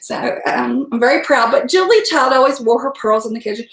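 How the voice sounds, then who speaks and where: A high-voiced, middle-aged woman with a drawl, talking casually and saltily as she hosts a livestream from her kitchen. She laughs often and swears freely. The sound bounces around an echoey room. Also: animated, brisk, a bit bright. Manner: chatty, salty, laughs often. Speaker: host. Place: home kitchen.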